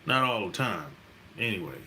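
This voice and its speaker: A man hosting a dating-advice channel, talking in a relaxed, rambling monologue, repeating his points and laughing often. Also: on the low side, moderate pace, a little hiss or hum. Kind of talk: casual monologue.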